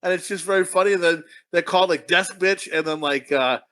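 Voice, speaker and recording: A man co-hosting a casual podcast chat, talking fast, skipping words and acting out characters' lines as he retells a story. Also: sits high, pushed and bright. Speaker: podcast co-host.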